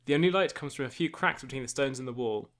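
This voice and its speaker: A man's voice: medium pitch, quick pace, a bit bright. A man narrating a choose-your-own-adventure book to friends as game master. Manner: reads steadily, aside comments with laughter. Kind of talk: casual narration of a gamebook with friends.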